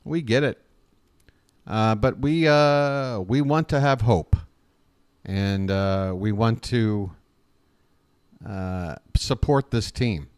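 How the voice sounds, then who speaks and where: A man's voice: fairly low pitch, slow pace, pauses often, a little mellow, clear, resonant tone, no room sound, clean studio sound. A man hosting a live fan play-by-play stream, chatty, often calling his listeners folks, with frequent fillers.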